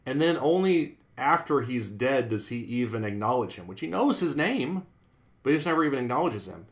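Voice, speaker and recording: A man's voice: mid-range voice, very animated, fairly quick. Earnest man teaching a Bible class. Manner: earnest, speaks in repeated phrases and quoted sayings. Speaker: preacher.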